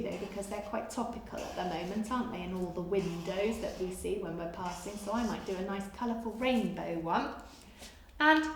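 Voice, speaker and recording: A woman, a primary school teacher giving a remote lesson to young children, dictating slowly and praising a lot. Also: medium pitch, echoey room, a little hiss or hum. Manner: slow, exaggerated dictation with big praise.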